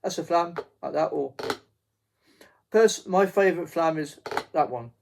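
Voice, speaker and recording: A man teaching a beginner drum lesson in a halting way, with many fillers and restarts, counting beats aloud. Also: fairly high pitch, gravelly. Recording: faint noise with drum pad clicks.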